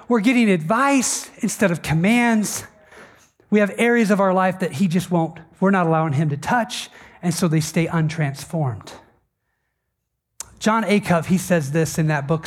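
A man preaching a sermon as pastor, talking conversationally, often asking "right?", and briefly acting out the voices he quotes. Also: sits high.

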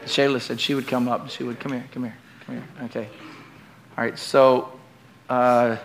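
With a gravelly, mid-range voice at a normal pace, a middle-aged pastor preaches in church, alternating forceful, loud delivery with easygoing jokes aimed at the congregation. There's slight background noise.

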